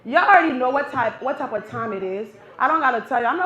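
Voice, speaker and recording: A woman doing a stand-up comedy set in a live cafe, animated and talking straight to the crowd. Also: sits high, fast, dull audio. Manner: animated, talks to the crowd, playful teasing. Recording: roomy live venue sound.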